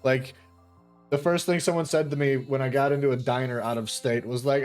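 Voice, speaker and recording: A man's voice: mid-range voice, steady tone, normal speed, a little mellow, soft background music. Casual Wisconsin man streaming art. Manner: offhand, swears casually. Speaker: artist streamer. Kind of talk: casual chat while drawing on stream.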